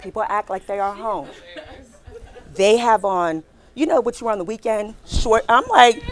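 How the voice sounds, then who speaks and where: In a lively career talk before a live audience, a woman in her forties chats animatedly and speaks straight to the crowd. Using a medium pitch at a moderate pace, she acts out her reactions as the story unfolds.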